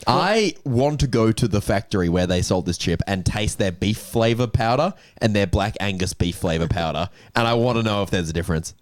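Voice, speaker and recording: A man co-hosting a podcast in casual chat, deadpan and swearing. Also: fairly low pitch, fairly quick, few pauses, no echo, clean studio sound. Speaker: podcast co-host.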